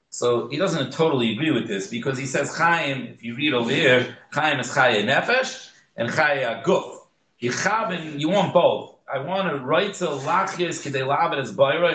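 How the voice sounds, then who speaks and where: A man teaching a Torah class, mixing Hebrew terms into English and growing animated on key points. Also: mid-range voice, reverberant, a little hiss or hum, low-quality recording.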